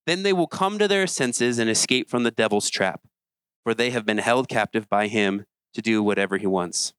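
A man's voice: on the low side, moderate pace, fairly bright tone, clear, resonant tone, dry recording, low-quality recording. A man preaching an earnest, conversational sermon as a youth pastor, often restarting his sentences as he talks.

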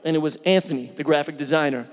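A middle-aged pastor from Philadelphia preaches a storytelling sermon with a voice pitched a bit higher than most men's. He talks in an animated, conversational way and asks the congregation questions as he goes. The sound rings out with a long reverb. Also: fast.

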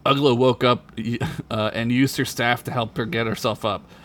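A man's voice: medium pitch, steady tone, normal speed, fairly bright tone. A man hosting a podcast, reading a crude comedic fantasy story aloud and laughing at his own jokes.

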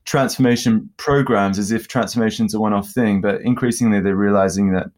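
A man's voice: fairly low pitch, fairly even intonation, brisk, darkish tone. A man from London, a guest on a podcast interview, talking articulately about business with light self-deprecating humor. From London, England. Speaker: guest, startup consultancy founder.

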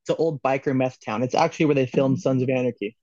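A man's voice: medium pitch, steady tone, fast, darkish tone, no room sound, muffled recording. A man from Los Angeles, a podcast guest, telling a story in a loose, joking way, laughing often and swearing. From Los Angeles, California. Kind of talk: casual storytelling.

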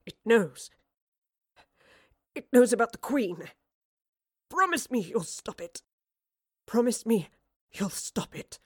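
A dying man pleads in a weak, gentle voice, as a woman reads him aloud. The audiobook sound is dry and close, the voice dropping soft and low. It sounds like a storybook scene. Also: lively intonation, slow pace, long pauses, breathy edge, no room sound, exaggerated voice. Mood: pleading.

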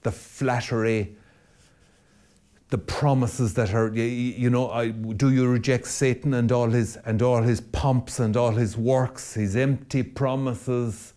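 A man's voice: medium pitch, steady tone, unhurried, mellow. A man, a Catholic priest hosting a podcast, arguing passionately in a rhetorical, preacherly way and repeating phrases for emphasis. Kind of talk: impassioned podcast argument.

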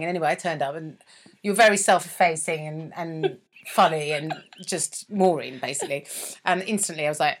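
A woman's voice: fairly low pitch, expressive, fairly quick, fairly bright tone. A middle-aged woman co-hosting a comedy podcast, chatting casually, laughing often and slipping into silly voices. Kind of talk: casual chat.

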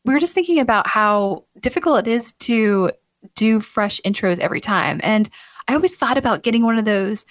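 A woman's voice: fairly high pitch, expressive, moderate pace, no room sound, studio quality. A woman hosting a marketing podcast in a chatty, upbeat way, laughing often. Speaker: podcast host. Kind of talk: casual podcast chat.

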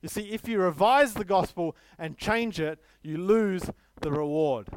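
High-voiced man preaching a sermon. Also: animated, unhurried, slight background noise. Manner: emphatic, storytelling, self-deprecating humor.

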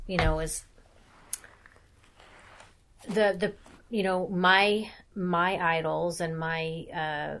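Chatty woman guest, bright tone, quick talker, soft-furnished hotel room. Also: on the low side. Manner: chatty and quick, laughs loudly. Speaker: makeup artist guest. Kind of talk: casual interview chat.

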